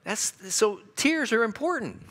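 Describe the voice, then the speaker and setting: Middle aged guy teaching a church class, gets animated, asks the room stuff. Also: high voice, a little slow. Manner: animated, asks the class questions, acts out quotes.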